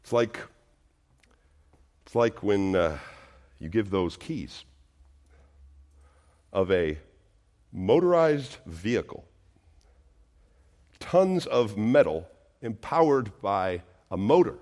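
A man's voice: on the low side, sing-song, slow, long pauses, a little mellow. A male pastor preaching a sermon, earnest and emphatic, full of rhetorical questions.

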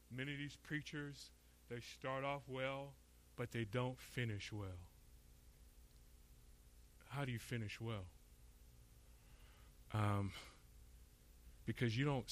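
A man's voice: mid-range voice, sharp tone. A middle-aged man from Florida preaching a sermon with emphasis, asking rhetorical questions and voicing imagined speakers. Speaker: pastor. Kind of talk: expository sermon.

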